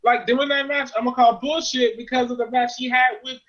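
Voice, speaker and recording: A man with a high, bright voice rants about wrestling in loose casual chat. He swears freely and sounds fed up. The audio is muffled and lo-fi. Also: steady tone, brisk. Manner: profane, exasperated ranting. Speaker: wrestling show reviewer.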